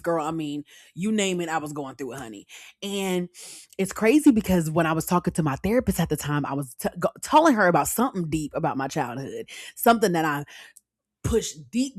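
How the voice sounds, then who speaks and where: A woman's voice: sits low, dry recording, clean studio sound. A young woman, hosting a casual storytime podcast and calling listeners girl, child and honey. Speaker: podcast host.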